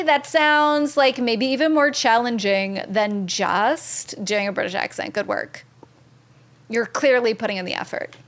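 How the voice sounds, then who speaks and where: A young woman talks her way through a video game on a live stream, upbeat and chatty. She thanks viewers by name as she plays. Her voice sits a little high. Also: a bit bright. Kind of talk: casual live-stream commentary.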